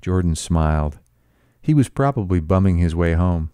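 A man's voice: low-pitched, animated, moderate pace, warm tone, clear, resonant tone, no room sound. A man reading a novel aloud as a teacher, breaking off for blunt, sarcastic, profane commentary.

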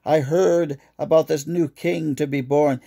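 A cruel old king who sneers and taunts, then roars in fury, as a man reads him aloud in a storybook. His voice sits fairly high and carries a gravelly edge. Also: fairly even intonation, unhurried, warm tone, exaggerated voice. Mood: taunting, raging. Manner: taunting, roaring outbursts. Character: cruel aging tyrant king, raging and taunting.

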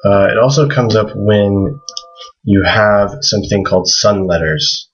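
A man giving a casual language lesson, thinking aloud and slowly repeating words to model their pronunciation. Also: lowish voice, slightly rough, dull audio. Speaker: language teacher.

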